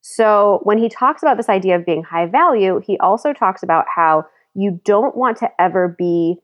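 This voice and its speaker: A woman co-host explains ideas step by step in a relaxed discussion. Her voice sits at a middle pitch and she sounds orderly and clear. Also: normal speed, lo-fi sound. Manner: explanatory, organized. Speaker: podcast co-host. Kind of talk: casual chat, summarizing a book.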